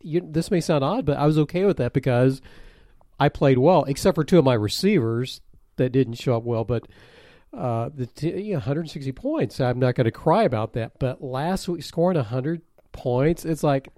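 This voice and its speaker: A man's voice: normal speed, no room sound, studio quality. A man co-hosting a casual fantasy sports podcast, rambling and getting worked up in bursts. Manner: ranting, excitable, high-pitched outbursts. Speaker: podcast co-host.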